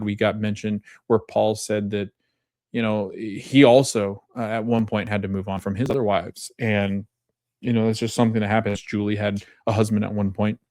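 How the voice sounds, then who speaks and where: Low-voiced man rambling through a recap. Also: darkish tone, no echo, studio quality. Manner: rambling, self-correcting, chuckles while retelling scenes. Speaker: podcast host. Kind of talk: casual TV episode recap.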